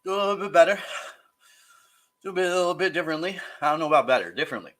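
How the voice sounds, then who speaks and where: Eyes teary and mouth on fire from hot sauces, this livestream host keeps things casual, his slow comments broken by gasps, sighs and groans. He speaks at a fairly high pitch, animated and a bit bright.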